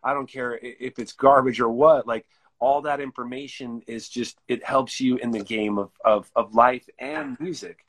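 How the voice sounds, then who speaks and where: A man of middling pitch talks in an easygoing, chill way. He swears casually as he chats with his guest. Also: fairly even intonation, normal speed, fairly bright tone. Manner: laid-back, swears freely. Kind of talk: casual chat.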